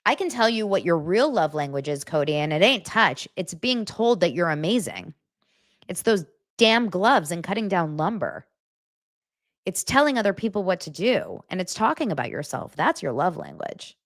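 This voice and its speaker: A woman hosting a casual pop culture show in a sarcastic, chatty way. Her pitch swings widely, from loud outbursts down to low muttered asides. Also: sing-song, moderate pace. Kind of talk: casual commentary recap.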